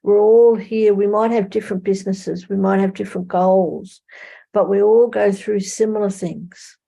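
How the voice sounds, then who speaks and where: A woman's voice: mid-range voice, steady tone, normal speed, creaky, dark tone. A woman hosting a casual online interview, asking long rambling questions and affirming her guest supportively. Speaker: interview host.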